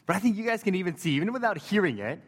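A man's voice: high voice, very animated, racing, big-room sound. A man preaching a sermon as pastor, conversational and joking, with casual fillers and asides.

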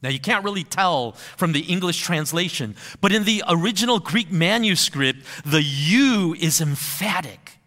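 Pastor preaching in an echoing hall. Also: male voice, high voice. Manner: expressive preaching, stretches key phrases slowly for emphasis. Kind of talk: sermon.

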